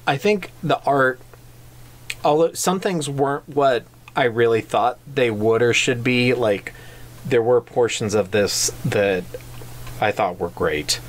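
Animated podcast co-host, jokey. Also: mid-range voice, takes it slowly, a little hiss or hum. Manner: animated, jokey, slips into silly voices. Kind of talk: casual book club chat.

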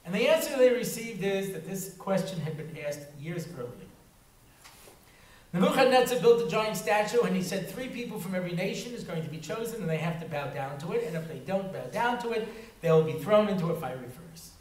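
A man's voice: high voice, animated, fairly quick, darkish tone, far from the mic. A man giving a humorous Torah talk in a synagogue, telling stories and acting out voices. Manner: storytelling, breaks into voices and laughs. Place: synagogue hall. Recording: roomy hall recorded from afar, faint noise.

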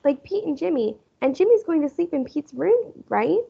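A woman voicing an excitable, blunt five-year-old boy who blurts out questions. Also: sits high, moderate pace, gravelly, voice pushed up, full character voice. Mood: eager. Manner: blunt, eager, loud. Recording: muffled lo-fi recording.

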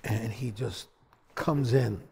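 A man, a bassist, telling stories in a sit-down conversation, acting out quotes with big swings in his voice. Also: slow, vocal fry, husky. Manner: animated storyteller, acts out quotes with big pitch swings.

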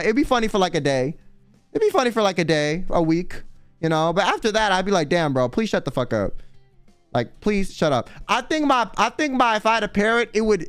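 Brief: male streamer, high and bouncy voice, smooth and dry, rambling profane chat over faint music. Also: no echo. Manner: rambling, profane, heavy use of "like"; animated, dramatic emphasis. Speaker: livestream host.

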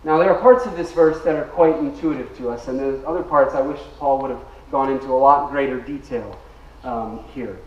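A man's voice: mid-range voice, fairly quick, darkish tone, highs cut off. A man preaching in an echoey church. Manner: emphatic, leads the congregation in call-and-response. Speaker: pastor. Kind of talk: sermon. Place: church sanctuary. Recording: echoey room, mic at a distance.

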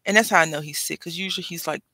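A woman's voice: fairly low pitch, very fast, pushed and bright, no room sound, poor audio. A woman chatting casually while she works on a craft project, rambling and wryly complaining in an easygoing way.

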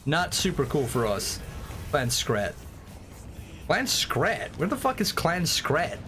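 Excitable, cursing male game streamer. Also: a little high, slow pace. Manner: excitable, profane, rambling. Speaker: livestreamer. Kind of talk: casual gameplay commentary. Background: faint game music.

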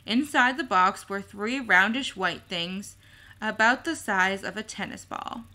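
A woman's voice: medium pitch, pushed and bright. A woman reading a novel aloud at a careful pace, now and then stumbling and correcting herself. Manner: slow, careful, small slips and self-corrections. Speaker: storybook reader.

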